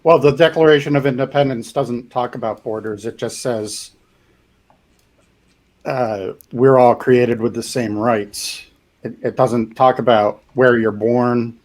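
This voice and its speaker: A man on a podcast who speaks in a measured way during a casual discussion. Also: medium pitch, steady tone.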